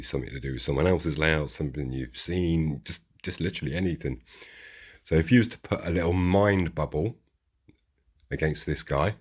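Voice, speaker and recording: A man chatting casually and rambling as he unboxes and shows off model trains for his channel. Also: very deep voice. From United Kingdom. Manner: chatty and rambling, restarts sentences. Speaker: model railway channel host. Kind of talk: casual chat while unboxing.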